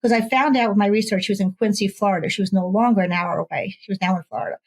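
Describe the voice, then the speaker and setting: Animated woman author telling a story. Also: medium pitch, very fast, rough recording. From Ohio. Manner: animated storyteller, acts out quoted voices. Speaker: author and guest. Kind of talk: casual interview storytelling.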